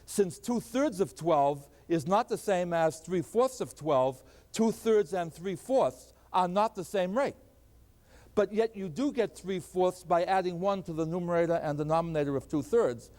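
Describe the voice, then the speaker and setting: A man's voice: sits high, a little slow, a little mellow, in a large hall. An older man teaching a math lecture at the board, asking questions and answering them himself.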